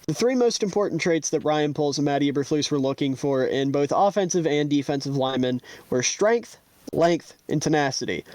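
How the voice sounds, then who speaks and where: A slightly high-voiced man co-hosting a sports podcast, laying out a confident, detailed case with plenty of enthusiasm. He is recorded dry and close. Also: a little mellow, dry recording. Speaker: podcast co-host. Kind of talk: casual sports analysis.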